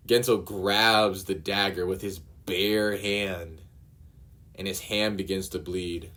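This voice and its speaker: A male streamer reading a comic aloud on a livestream, in a halting way with emotional asides. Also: deep voice, fairly even intonation, fairly bright tone.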